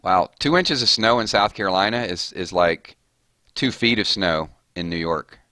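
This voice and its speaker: A man's voice: low voice, animated, moderate pace, sharp tone, no echo, studio quality. A man chatting casually with his viewers while live-streaming a game, rambling off on tangents. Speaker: gaming streamer.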